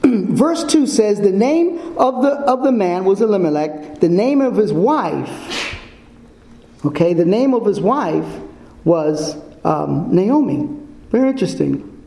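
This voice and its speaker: A man's voice: high voice, expressive, takes it slowly, creaky, warm tone, a little hiss or hum. A man giving an informal sermon as a Bible teacher, emphatic and full of rhetorical questions to his listeners. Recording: echoey room.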